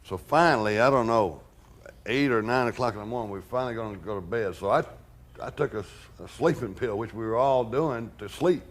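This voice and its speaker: Older male interviewee, mid-pitched, blunt, lively anecdote teller. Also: a little fast. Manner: animated, blunt, swears freely. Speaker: interviewee recalling past events. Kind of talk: documentary interview storytelling.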